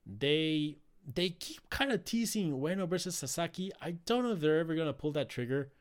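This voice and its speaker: A man's voice: on the high side, lively intonation, normal speed. A man casually recapping a wrestling show, rambling with many fillers and restarts. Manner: rambling, frequent fillers and restarts, laughs easily. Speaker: wrestling podcast host.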